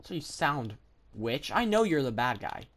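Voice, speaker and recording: Low-voiced woman, excitable and rambling. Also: normal speed. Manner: chatty and excitable, thinks aloud with many fillers. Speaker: gaming video creator. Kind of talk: rambling gameplay commentary.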